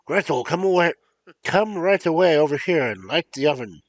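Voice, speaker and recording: A man's voice: mid-range voice, sing-song, moderate pace, no room sound, voice pushed up. A man voicing a cruel, greedy old woman witch in a fairy tale. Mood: commanding. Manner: loud, bossy.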